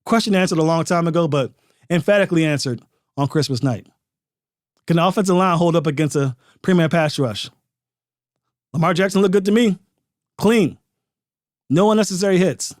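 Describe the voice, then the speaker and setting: A man with a somewhat high voice delivers opinionated football commentary, punching his points with emphasis and rhetorical questions. The sound is dry and close, with no room around it. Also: moderate pace, pauses often, dry recording. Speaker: sports podcast host.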